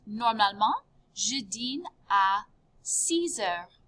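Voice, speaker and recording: Upbeat Midwestern woman teacher, unhurried, measured delivery, repeats each word with rising emphasis. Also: medium pitch, expressive. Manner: upbeat, drills words with sharp rising repeats. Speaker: French teacher. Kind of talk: recorded classroom lesson.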